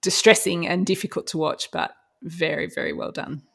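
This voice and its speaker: A woman's voice: lowish voice, moderate pace, vocal fry, fairly bright tone, breathy edge. A woman on a movie podcast panel, chatting casually and animatedly, laughing now and then. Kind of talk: casual chat.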